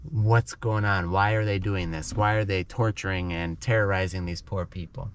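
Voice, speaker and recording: Male English teacher, slightly low voice, dramatic storytelling, keeps asking "okay?" to check understanding. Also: steady tone, moderate pace, a little hiss or hum. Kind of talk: storytelling lesson in simple English.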